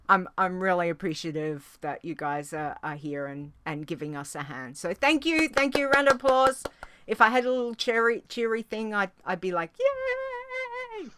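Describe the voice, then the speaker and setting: A bubbly woman hosting a podcast in casual chat, her voice bright and ringing and her pitch leaping around. The sound is close and dry with no room echo. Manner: bubbly and chatty, with cheery exclamations and restarts. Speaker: podcast host.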